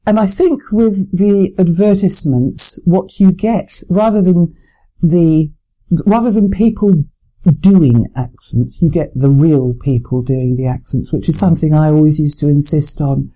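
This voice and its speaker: A woman's voice: deep voice, dark tone, poor audio. Articulate middle-aged woman announcer. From Lancashire, England. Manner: measured, articulate, hesitant restarts. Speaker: former continuity announcer, guest. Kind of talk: interview answers.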